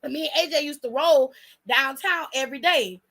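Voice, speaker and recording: A young woman hosting, telling a story in a blunt, profane and animated way. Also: high-pitched, moderate pace. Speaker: host. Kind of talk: casual storytelling.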